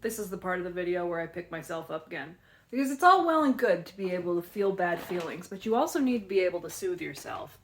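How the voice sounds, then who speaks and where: Young woman, personal vlog, low voice, gravelly fry, candid and halting, tearful at times. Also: animated, slight background noise. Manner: emotional, candid, halting with restarts. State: tearful, out of breath from crying. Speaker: vlogger. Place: home, kitchen and living room.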